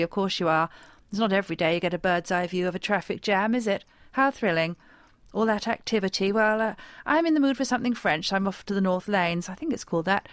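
A woman telling a comic monologue, wry and deadpan with sarcastic asides. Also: medium pitch, brisk, dry recording, studio quality. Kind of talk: scripted comic monologue with character voices.

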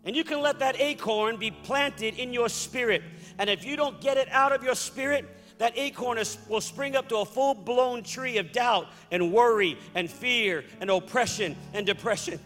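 A man preaching a fervent sermon as pastor, building to loud declarations. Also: extremely high pitch, moderate pace, long reverb tail, faint music behind. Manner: fervent preaching, rising to shouts.

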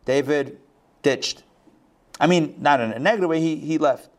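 A man with a somewhat high voice teaches a scripture class. He reads verses and explains them in a loose, conversational way, often restarting sentences mid-thought and adding quick side remarks. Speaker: Bible teacher.

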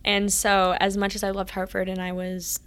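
A woman's voice: mid-range voice, completely flat delivery, moderate pace, fairly bright tone, slight background noise. A woman guest in an interview, earnestly recounting her time as a college athlete and often acting out past conversations. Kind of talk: casual interview storytelling.

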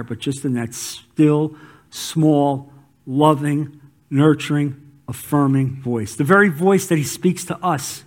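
A man, a pastor, preaching a sermon that swings between loud emphatic calls and quiet low asides.

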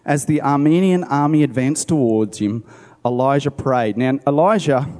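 Guy giving a sermon, reads scripture then muses out loud, mellow warm voice, long hall echo. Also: mid-range voice, normal speed. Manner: conversational, musing aside. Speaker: preacher. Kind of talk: sermon, Bible reading with commentary.

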